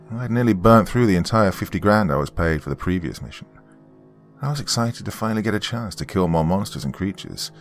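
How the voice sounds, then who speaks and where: A man narrating a horror story in an expressive, scripted storytelling way. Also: deep voice, brisk. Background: faint background music.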